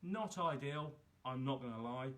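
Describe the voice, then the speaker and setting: A man's voice: medium pitch, normal speed, heavy background noise. A man hosting a live cook-along, chatting casually and poking fun at himself as he talks viewers through each step. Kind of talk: casual live cooking demo.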